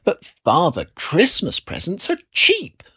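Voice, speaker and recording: A storyteller voicing a sensible, indignant female Christmas elf in a storybook reading, with a husky, high, urgent delivery. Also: wildly swooping pitch, slow pace, sharp tone, heavily acted.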